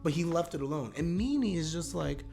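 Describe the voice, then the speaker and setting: A man's voice: a little high, fairly quick, creaky, over music. Rambling young man reviewing a manga. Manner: animated, rambling, many fillers and restarts. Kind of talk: casual video commentary.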